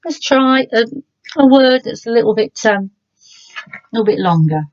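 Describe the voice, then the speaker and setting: A middle-aged English woman, a primary school teacher, giving a remote lesson to children and sounding words out slowly and gently. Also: a little high, animated, no echo, muffled recording.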